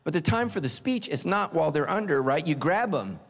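A middle-aged man preaching a sermon, telling stories with lively, animated delivery and acting out voices. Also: fairly quick. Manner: animated storytelling, acts out voices, big pitch swings. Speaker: pastor. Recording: long reverb of a large hall.

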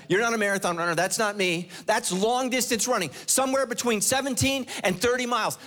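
A male pastor preaching a sermon, telling a story dramatically and putting questions to his congregation. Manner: dramatic storytelling with swings from loud and high to low and hushed; preaching to a live congregation, asking the crowd questions.

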